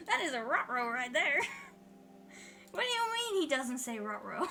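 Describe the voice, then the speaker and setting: A young woman streamer chatting casually with her viewers while drawing, excitable and chatty, swearing freely. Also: high-pitched, normal speed, a little hiss or hum.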